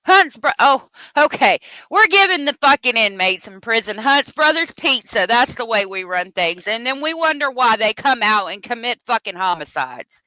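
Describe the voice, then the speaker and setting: Woman host for unscripted true crime commentary: lively pitch that swings hard, bright edge, swearing and worked-up. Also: normal speed, few pauses, no room sound, poor audio. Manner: profane, exasperated ranting.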